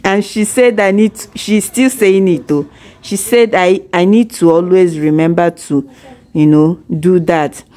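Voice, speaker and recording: A young adult woman and mother chatting casually to camera about her daughter, talking slowly and tenderly, marveling and repeating herself. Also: on the low side, fairly even intonation, dark tone.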